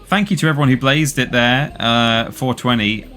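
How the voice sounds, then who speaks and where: A man's voice: mid-range voice, normal speed, bright, forceful tone, soft background music. A man streaming a video game, chatting casually and rambling as he plays, often correcting himself with a playful tone. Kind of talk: casual gameplay commentary.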